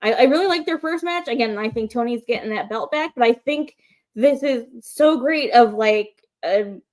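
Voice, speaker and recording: A woman co-hosting a live wrestling call-in show, chatting excitedly with lots of fillers and the odd swear. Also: on the high side, normal speed. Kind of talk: casual chat. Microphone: livestream microphone.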